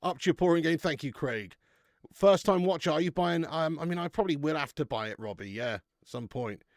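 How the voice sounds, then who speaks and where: Young male streamer, casual and banter-heavy, animated delivery, dry close sound. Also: fairly high pitch, fairly quick, no room sound. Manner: chatty, banters with viewers, swears casually. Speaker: live-stream beer reviewer. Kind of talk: casual live-stream chat.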